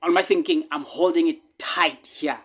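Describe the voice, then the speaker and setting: A man with a South African accent telling a personal story casually, repeating himself emphatically and dropping to hushed asides. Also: a little high, steady tone, moderate pace, breathy edge.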